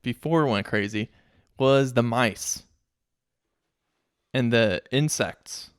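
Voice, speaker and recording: A man co-hosting a casual movie podcast, relaxed, filling in story details with hesitant restarts. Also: mid-range voice, slow, clear, resonant tone, dry recording, studio quality. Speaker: podcast co-host. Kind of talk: casual movie review chat.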